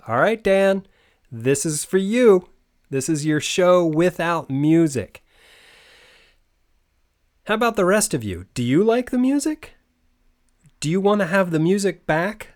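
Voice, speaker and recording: A man's voice: sits high, sing-song, measured pace, pauses often. Chatty, wry man hosting a podcast. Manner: chatty, wry, mildly sarcastic. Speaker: podcast host. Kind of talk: casual podcast monologue.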